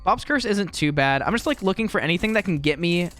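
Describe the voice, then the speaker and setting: A man's voice: high-pitched, animated, fast talker, fairly bright tone, soft background music. A young man casually commenting on his gameplay from a room at home, rambling and chatty with a self-deprecating manner. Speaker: gaming commentator.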